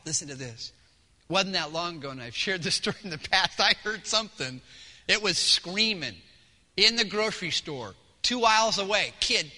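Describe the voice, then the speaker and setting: A man preaching a sermon as pastor at a church service, telling stories in an animated way and swinging between hushed and loud delivery. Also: high voice, in a large hall.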